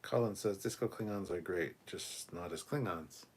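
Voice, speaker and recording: Deep-voiced man casually reading chat. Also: moderate pace, a little hiss or hum. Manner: relaxed, profane, reads viewer comments aloud. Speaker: podcast co-host reading chat comments. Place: home room cluttered with costumes.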